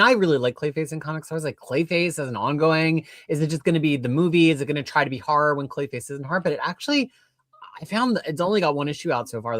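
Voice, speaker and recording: Slightly higher-voiced man, dry close sound. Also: a bit bright, no echo. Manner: thoughtful, rambling opinions. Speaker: panel guest. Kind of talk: casual panel chat.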